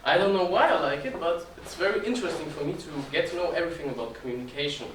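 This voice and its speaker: A man's voice: a little high, animated, quick pace, background noise. A man, giving an earnest informal talk to an audience and often restarting phrases. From Germany. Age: 20s. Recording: echoey room, distant mic, faint ambience.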